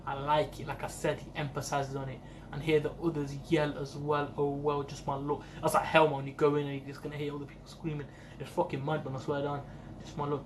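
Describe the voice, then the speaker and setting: Over some background noise, a music reaction video host, a young man from the United Kingdom, reacts to an album in a brisk, slightly high voice. He's excitable, leans heavily on slang, and swears often in his casual commentary.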